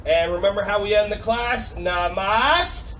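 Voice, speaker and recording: A man teaching a silly, energetic online yoga and karate class for kids, teasing them and calling out counts over a video call. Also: sits high, measured pace, recorded from a distance, slight background noise, poor audio. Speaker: kids' yoga and karate instructor. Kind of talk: playful online kids' class.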